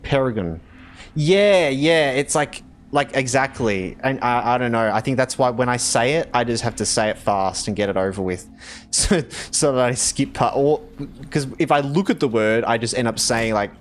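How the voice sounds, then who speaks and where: A man's voice: mid-range voice, moderate pace, slight background noise. A man with an Australian accent chatting casually while streaming a game, playful and laughing often as he talks with viewers.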